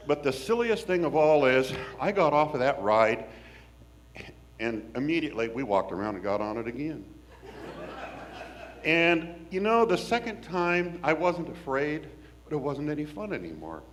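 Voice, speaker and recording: A man from Washington State, telling a personal story in an animated, folksy, wry way. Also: on the high side, moderate pace.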